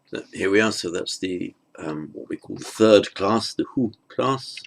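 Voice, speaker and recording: A man works through a grammar lesson at an unhurried, slow pace. His low voice has a gravelly rasp. He pauses with fillers, restarts phrases and mutters asides to himself. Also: slight background noise. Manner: halting, thinks aloud with fillers and restarts. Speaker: teacher. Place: at a desk with a tablet.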